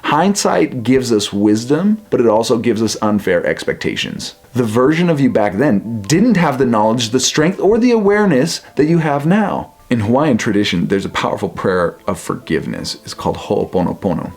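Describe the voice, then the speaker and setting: A man, a life coach, giving a self-help talk and gently guiding the listener through an exercise. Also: mid-range voice, very animated, normal speed, few pauses, soft background music. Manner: gentle, earnest, speaks directly to the listener.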